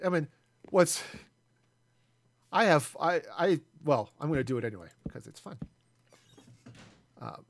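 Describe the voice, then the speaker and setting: A man's voice: on the high side, creaky, no echo. A man in his forties chatting casually and self-deprecatingly as he streams a building game. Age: 40s. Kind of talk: casual live gameplay commentary.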